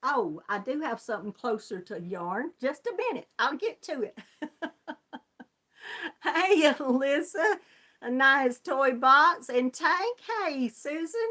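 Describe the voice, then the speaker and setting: A woman's voice: high voice, lively intonation, a little slow, pushed and bright. A woman with a Southern US accent hosting a casual live crochet chat, greeting viewers by name and laughing often. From Georgia, US. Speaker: crochet channel host.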